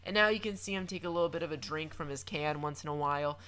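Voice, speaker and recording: A man's voice: fairly high pitch, fast, bright, forceful tone. A young man giving chatty, playful commentary over a video game, with lots of stammered restarts and mock-dramatic asides. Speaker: gaming commentator.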